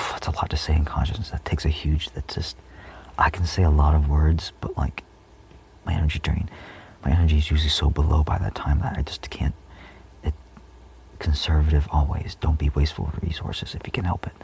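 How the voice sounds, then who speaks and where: Here the spiritual vlogger speaks in a rumbling, darkish, gravelly low voice that barely moves in pitch, and he talks fairly quickly. His monologue wanders, stuffed with fillers, and keeps trailing off into whispers.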